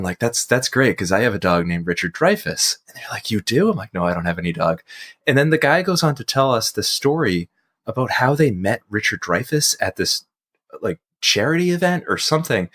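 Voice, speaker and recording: A man in his thirties, a podcast co-host, chatting casually and telling a rambling anecdote about his family. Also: mid-range voice. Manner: rambling storyteller, animated when quoting people. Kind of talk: casual chat.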